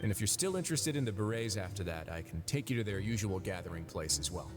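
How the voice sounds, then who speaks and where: A calm video game duke speaks in a lowish, measured voice. His manner is courteous, and game music plays behind him. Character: composed male duke running a fortress.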